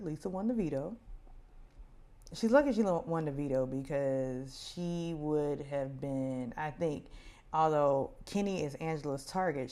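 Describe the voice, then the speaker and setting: A woman with a low, full voice gives a casual, opinionated recap of reality TV. She talks in a loose, chatty way and sometimes mimics others in a higher voice. Her delivery feels easy and conversational. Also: mellow. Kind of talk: casual commentary.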